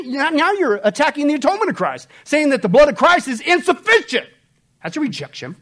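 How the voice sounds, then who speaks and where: A man preaching an expository sermon to a church congregation, swinging between loud emphatic outbursts and low hushed warnings. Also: sing-song, quick pace. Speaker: pastor. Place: church service.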